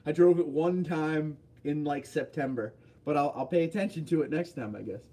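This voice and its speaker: A man's voice: on the high side, normal speed, dark tone. A man hosting a casual livestream, reading viewer comments aloud and answering them offhandedly. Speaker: livestream host.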